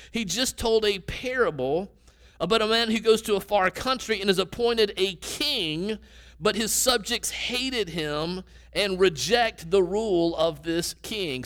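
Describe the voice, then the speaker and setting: A man's voice: sits high, fairly bright tone. A man preaching a sermon in a conversational teaching manner, asking his listeners questions.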